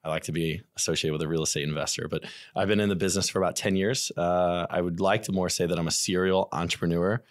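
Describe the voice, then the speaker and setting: A man in his thirties from the Midwest with a Midwestern accent, a chatty podcast guest telling his story with animated quoted asides. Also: low voice, quick pace, hardly any pauses, dry recording, studio quality. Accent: American Midwest. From St. Louis area, USA. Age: 30s. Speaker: podcast guest, real estate investor. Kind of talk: casual podcast interview.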